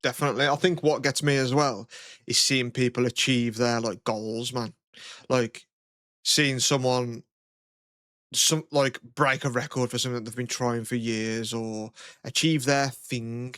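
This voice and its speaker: A man's voice: medium pitch, fairly even intonation, normal speed, fairly bright tone, no room sound, clean studio sound. A young man from the UK, co-hosting a podcast in casual, rambling chat with plenty of swearing and fillers. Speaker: podcast co-host.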